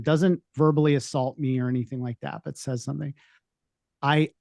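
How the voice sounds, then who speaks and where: A man's voice: medium pitch, vocal fry, darkish tone, no echo, clean studio sound. Reflective man in a panel chat. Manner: reflective, rambling with restarts. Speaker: veterinary practice owner and podcast panelist. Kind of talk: casual panel discussion.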